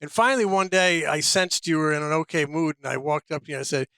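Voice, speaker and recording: Animated man telling a story, dry sound. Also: on the high side, quick pace, clean tone, no echo. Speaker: co-host, sportswriter. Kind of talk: casual chat, storytelling.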